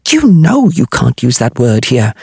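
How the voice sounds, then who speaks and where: A man's voice: medium pitch, huge pitch swings, measured pace, gravelly, darkish tone, breathy edge, no room sound, exaggerated voice. A man voicing a nervous young queen who is secretly a pirate, fearful and pleading.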